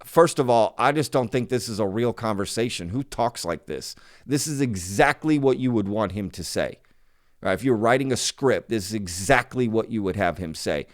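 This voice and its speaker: A man's voice: fairly low pitch, expressive, moderate pace. A man hosting his own channel, talking casually to viewers in an emphatic, skeptical way and often repeating himself. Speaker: channel host.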